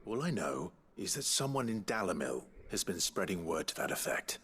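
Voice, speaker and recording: A man's voice: deep voice, very animated, moderate pace, fairly bright tone, slightly rough, heavily acted. An actor playing an earnest young swordsman who speaks politely and hesitantly, a bit awkward.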